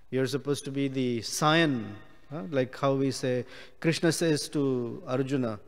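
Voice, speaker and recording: A man giving a scripture class, explaining Sanskrit words slowly with many pauses. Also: medium pitch, long reverb tail. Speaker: class speaker.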